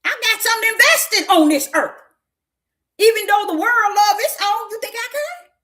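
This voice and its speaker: A woman's voice: very high-pitched, animated, moderate pace, sharp tone, voice pushed up, exaggerated voice. A woman voicing God the Father, speaking brashly and emphatically. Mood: defiant. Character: God the Father, male, confident and unbothered.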